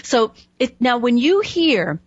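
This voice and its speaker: A woman's voice: a little high, big pitch swings, slow pace, no echo, highs cut off. A woman hosting a radio talk show, chatting casually with a guest and dropping lots of "you know"s. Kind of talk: casual interview chat.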